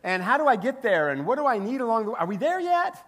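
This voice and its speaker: A man's voice: very high voice, big pitch swings, a bit bright, pitched above the performer's own voice, heavily acted. A man voicing an eager, naive young disciple who fires off giddy questions in a sermon skit. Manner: giddy, rapid-fire questions.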